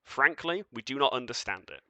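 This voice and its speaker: A man voicing a cold, commanding being of shifting light in a tabletop game, speaking in measured, formal pronouncements. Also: mid-range voice, animated, pushed and bright, no room sound.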